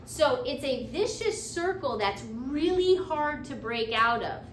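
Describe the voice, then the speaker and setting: A woman's voice: high voice, lively intonation, slow, slight background noise. A woman teaching a class, lecturing and often checking in with her students. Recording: echoey classroom from far off.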